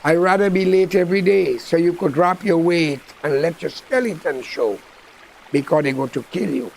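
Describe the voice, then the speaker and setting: A mournful, loyal donkey spoken by a man in a Guyanese accent, his voice pitched high with a gravelly rasp. He speaks as a fable character, gentle and sorry for his friend. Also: moderate pace, slight background noise. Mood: sorrowful. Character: weary loyal male donkey, tearful and warning.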